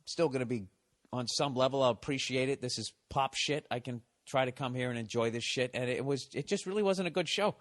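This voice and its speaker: A comedian hosts his podcast with a casual storytelling rant, his pitch sitting in the middle of the male range. He swears constantly and sounds exasperated. He stops to correct himself and restart the story mid-sentence. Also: brisk, no echo. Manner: profane, exasperated, heavy swearing.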